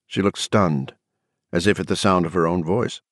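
A man reading an audiobook in measured, scripted narration. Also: low voice, steady tone, dry recording, studio quality.

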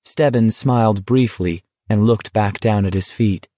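A man narrating a novel in an even, unhurried storytelling manner. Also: on the low side, no room sound. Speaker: audiobook narrator. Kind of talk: scripted narration.

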